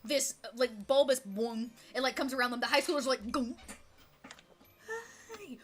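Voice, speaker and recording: A woman running a tabletop game as game master, quick and enthusiastic. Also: on the high side, a little hiss or hum.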